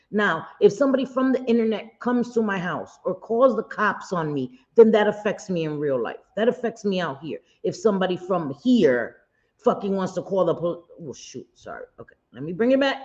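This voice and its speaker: A woman's voice: lowish voice, darkish tone. A woman hosting a livestream, chatting in a blunt, indignant way with occasional swearing. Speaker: livestream host. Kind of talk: casual gossip commentary. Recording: dull lo-fi stream audio.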